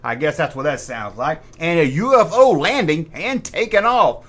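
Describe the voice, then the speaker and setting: A man's voice: a little high, animated, normal speed, a bit bright, a little hiss or hum. A middle-aged man hosting a comic toy review. He makes sarcastic asides and imitates sound effects with his mouth. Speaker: toy collector host.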